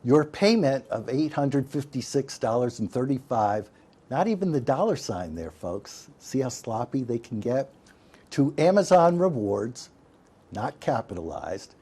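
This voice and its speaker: Man, instructor, folksy, emphatic, mellow tone, breathy edge. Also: mid-range voice. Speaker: digital literacy instructor. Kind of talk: instructional talk.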